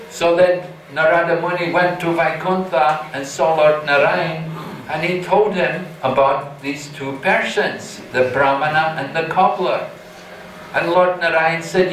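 A man's voice: a little high, steady tone, a little slow, a bit bright. A man, a monk, giving an earnest scriptural lecture and telling a story plainly. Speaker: monk and preacher. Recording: echoey hall, distant mic, faint noise.

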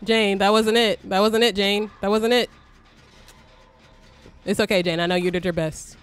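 A young woman streams a video game, talking through it with excitable commentary. She swears freely, cheers on her teammates, and breaks into shrieks when she is chased. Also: mid-range voice, normal speed, smooth, faint music behind. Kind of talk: live gameplay commentary.

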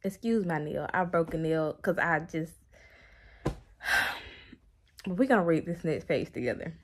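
A woman vlogging about a book she is reading, talking straight to her viewers in an animated, exclaiming way, recorded on her phone. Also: lowish voice, unhurried, slight background noise. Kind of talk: casual reading vlog chat.

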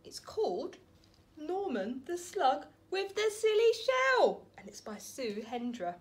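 Slow, expressive storyteller woman. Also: high-pitched. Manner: gentle, expressive storytelling with dramatic pauses. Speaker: family centre worker reading to children. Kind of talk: children's storybook read-aloud.

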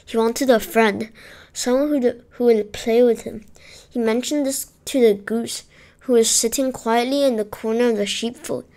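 A woman reading a children's book aloud in a steady storytelling way, with the odd small slip. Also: fairly high pitch, normal speed. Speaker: storybook reader.

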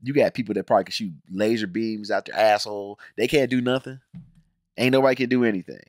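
A man hosting a casual reaction review, ranting in an animated, emphatic, slangy way with many restarts. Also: on the low side, fast talker, dry recording, clean studio sound. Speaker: reaction channel host.

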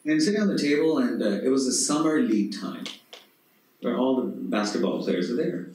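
A middle-aged man from Pakistan with a Pakistani accent, telling lively stories on stage at a conference and often laughing. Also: mid-range voice, brisk, heavy reverb, far from the mic, poor audio. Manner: animated, laughing, acts out quoted voices. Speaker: conference speaker. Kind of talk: storytelling talk on stage. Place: conference hall.

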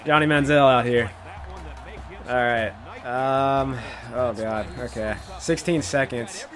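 A man giving casual commentary while playing a football video game, thinking aloud about his plays and breaking into excited laughter; his voice cracks now and then. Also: mid-range voice, a little slow. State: voice cracking, coughing.

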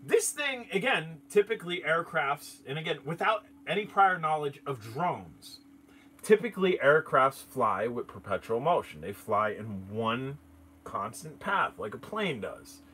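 A man hosting a live stream, telling a story in an excitable, animated way and chatting with his viewers. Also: on the high side, unhurried, a little hiss or hum. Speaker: channel host.

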